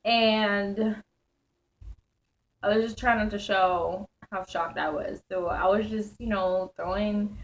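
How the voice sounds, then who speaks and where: A young woman vlogger telling a wild night-out story in casual slang, animated and laughing often. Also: medium pitch, slow pace, low-quality recording.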